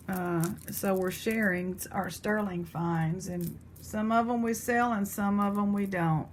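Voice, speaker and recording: Slow-talking woman sorting jewelry. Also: mid-range voice, slight background noise. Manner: chatty, talks to her pet and viewers while sorting jewelry. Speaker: jewelry reseller host. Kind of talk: casual unboxing chat.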